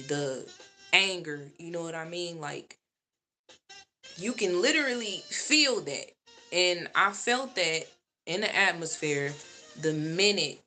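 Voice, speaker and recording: A woman's voice: deep voice, pushed and bright. A woman vlogger in a casual monologue, talking straight to her viewers and repeating points for emphasis.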